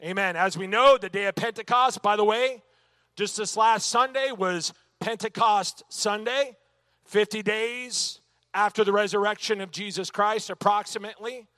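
Guy teaching a bible lesson at church, high bright voice, lots of amens, punchy questions. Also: moderate pace, no room sound. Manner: emphatic, punctuated with "amen" and rhetorical questions.

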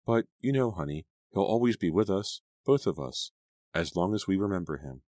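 A man voicing a soft-spoken grieving mother. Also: low-pitched, lively intonation, moderate pace, no echo, voice pushed up. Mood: tender. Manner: soft, soothing. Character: gentle, grieving middle-aged mother.

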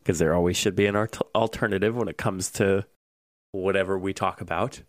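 A man's voice: low-pitched, fairly even intonation, fairly quick, dry recording, studio quality. A young man co-hosting a podcast, chatting in a playful, jokey way. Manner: playful, laughs often. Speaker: podcast co-host. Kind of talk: casual chat.

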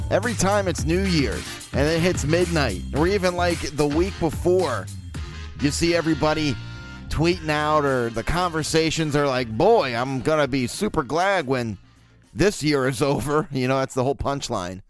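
A man in his thirties from Baltimore hosting a solo podcast, rambling and joking crudely with lots of fillers. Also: a little high. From Baltimore, USA. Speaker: podcast host. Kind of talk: casual solo podcast chat.

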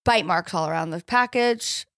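A woman's voice: on the low side, normal speed, fairly bright tone, dry recording, studio quality. A woman co-hosting a podcast in casual chat, playful, joking and swearing freely. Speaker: podcast co-host.

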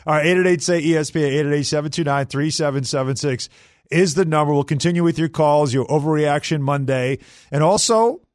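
A man hosting a sports talk radio show, energetic and conversational, with his pitch swinging up and down as he talks. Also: fairly quick, no echo, studio quality.

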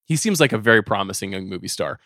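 A man co-hosting a casual podcast chat, animated and jokey, often laughing as he talks. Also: fairly low pitch, quick pace, no echo, studio quality. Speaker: podcast co-host.

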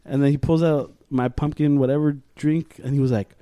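A man's voice: a little high, a little fast, smooth, dry recording. Profane storytelling young man, dry sound. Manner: profane, animated storytelling with acted quotes. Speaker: podcast co-host. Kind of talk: casual chat.

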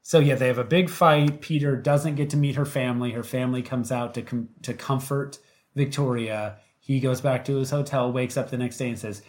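A podcast co-host in a casual chat, wry and relaxed, often quoting others with plenty of fillers. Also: medium pitch, brisk. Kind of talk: casual chat recapping a reality show.

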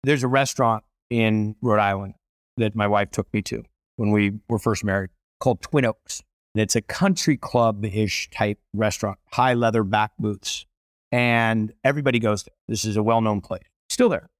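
A middle-aged man, a chef and restaurateur, telling stories as an interview guest in a lively, animated way. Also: on the low side, moderate pace, dry recording, studio quality. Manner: animated, acts out voices in stories. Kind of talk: storytelling interview.

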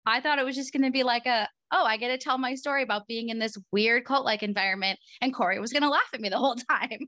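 A bubbly woman co-hosts a podcast, laughing easily between thoughts. Her voice is bright and a touch high, recorded dry and close. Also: fast, dry recording. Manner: bubbly, laughs often, many fillers. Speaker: podcast co-host. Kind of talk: casual chat. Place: Arizona.

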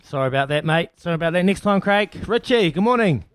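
A matey New man hosts a breakfast radio quiz, counting down fast and chatting with callers. His voice sits a touch high, and the studio sound is dry and close. Light music plays underneath. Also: animated, a bit bright, clear, resonant tone, no echo. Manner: matey, upbeat, rapid countdowns. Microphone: studio mic.

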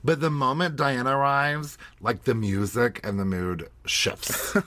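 A man's voice: mid-range voice, steady tone, a little slow, bright, forceful tone, no echo. A man co-hosting a podcast, chatting playfully while recapping a reality TV episode. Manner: chatty, playful, slips into quoting voices. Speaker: podcast co-host.

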